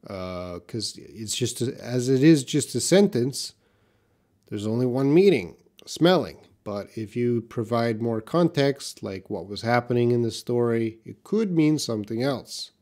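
A man's voice: medium pitch, animated, unhurried, darkish tone. A man teaching English in a live question-and-answer stream, reading out viewers' questions and modeling words for them to repeat.

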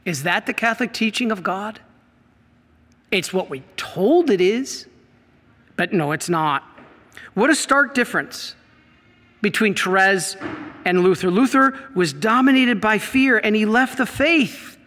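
Male priest, high bright tone, emotional storyteller, lecturing in a hall with long reverb. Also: measured pace, long pauses. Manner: animated storyteller, acts out quoted voices; emotional, worked up. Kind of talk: teaching talk on faith.

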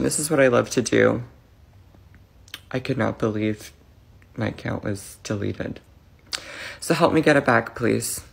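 A woman's voice: rumbling low, vocal fry, husky. A woman talking to camera about her account being banned, earnest and upset. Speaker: content creator. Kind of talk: casual talk to camera.

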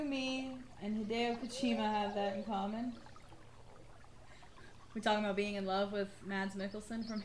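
With a medium-pitched, slightly worn voice and a little background noise, a young woman plays through a game for her stream. She chats casually, swears without holding back and laughs often, keeping it relaxed let's-play talk.

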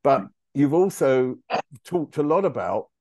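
A man's voice: medium pitch, sing-song, measured pace, mellow, no echo. A male host framing a probing question, thinking aloud as he builds it. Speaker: interviewer, host. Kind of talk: interview questions.

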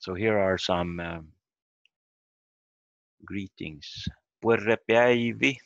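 Slow gravelly male language teacher. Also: on the low side, no echo. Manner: slow, halting explanations with repeated example words. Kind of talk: online language lesson. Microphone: video call. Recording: dull lo-fi video call audio.

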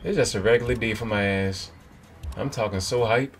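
A young man hosting a gaming channel who recaps the story in rambling, excitable, profanity-laced slang. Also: lowish voice, moderate pace. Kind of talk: let's-play commentary. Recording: game music in background.

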